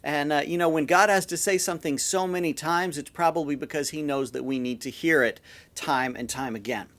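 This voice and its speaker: A man with a fairly high voice preaches a church sermon. He talks in a loose, chatty way and retells the story as he goes. He often restarts and repeats words while he finds the next thought. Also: a little fast, a bit bright. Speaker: pastor.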